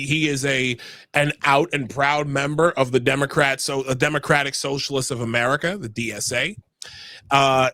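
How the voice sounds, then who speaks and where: A man's voice: a little high, sharp tone, dry recording. A man hosting a political talk show, speaking emphatically and often stumbling over his words. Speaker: podcast host.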